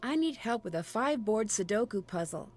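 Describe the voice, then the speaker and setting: A woman's voice: medium pitch, lively intonation, brisk, darkish tone, lightly acted. An actress voicing a curious young woman detective in a video game, friendly and inquisitive.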